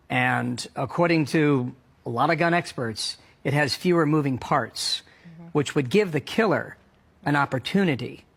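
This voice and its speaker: Husky male news anchor. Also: fairly high pitch, fairly bright tone. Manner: briefing a co-anchor point by point. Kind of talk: news report.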